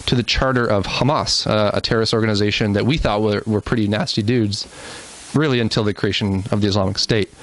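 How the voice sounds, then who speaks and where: Man, church lecture, earnest explaining, frequent asides, average pitch. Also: poor audio. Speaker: presenter. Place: church hall.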